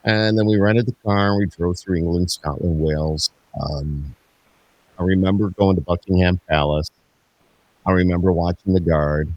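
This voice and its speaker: A man hosting a podcast, relaxed and amused as he tells stories. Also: low-pitched, moderate pace, dull audio. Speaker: podcast host. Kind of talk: casual chat.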